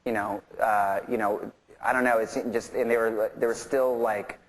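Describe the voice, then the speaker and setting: A man's voice: on the low side, steady tone, normal speed, slight background noise, rough recording. A man guesting on an onstage interview, telling stories in a casual, rambling way with many fillers and restarts and laughter running through them. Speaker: interview guest, rock musician.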